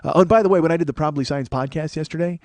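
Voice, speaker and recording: A man's voice: fairly high pitch, very fast, a little mellow, no echo. A man in his forties from Chicago, a podcast host riffing through a sarcastic, profane comedic monologue in a small studio.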